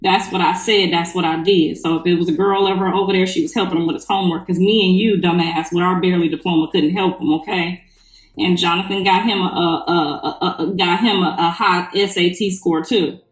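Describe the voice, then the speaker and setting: A woman's voice: on the low side, fairly even intonation, a little fast, far from the mic. A middle-aged woman ranting bluntly and profanely to her live-stream followers while sitting in the bath. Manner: blunt, profane, heated storytelling. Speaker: livestreamer. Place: bathroom, in the tub. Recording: echoey bathroom, away from the mic.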